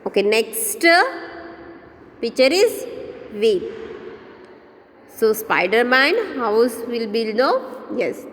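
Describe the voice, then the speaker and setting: A woman's voice: on the high side, big pitch swings, very slow, long pauses, in a large hall, a little hiss or hum. A woman with an Indian English accent teaching kindergarten phonics, spelling each word letter by letter and answering her own questions. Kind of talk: slow phonics lesson, spelling words aloud.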